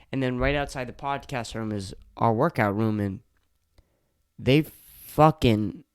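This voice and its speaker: Brief: late-teen male solo podcaster, swears constantly, frustrated rant, smooth clean voice, dry close-mic sound. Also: medium pitch, darkish tone, no room sound. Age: late teens. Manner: profane, venting frustration, repeats himself. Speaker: podcast host. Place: home podcast room.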